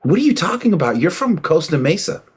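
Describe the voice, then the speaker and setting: A man giving a casual, emphatic opinion monologue, preaching and calling out to listeners with rhetorical questions and shout-outs. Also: fairly high pitch, sing-song, fast talker, husky. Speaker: martial arts commentator.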